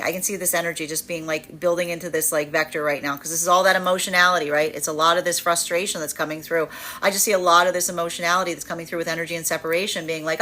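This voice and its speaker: A woman's voice: on the low side, fairly even intonation, fast talker, sharp tone. A woman giving a live tarot reading who talks animatedly, full of fillers and laughs, and acts out the voices of the energies she describes. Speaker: tarot reader.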